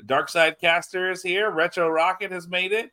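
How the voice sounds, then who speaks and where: A man's voice: sits high, steady tone, moderate pace, bright, forceful tone. Easygoing man co-host greeting chat. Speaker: podcast co-host. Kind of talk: casual chat.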